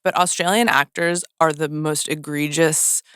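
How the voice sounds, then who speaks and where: Low-voiced woman telling jokey stories. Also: unhurried, clear, resonant tone, no room sound, clean studio sound. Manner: animated, jokey storytelling with acted-out asides. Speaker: podcast guest. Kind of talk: casual chat.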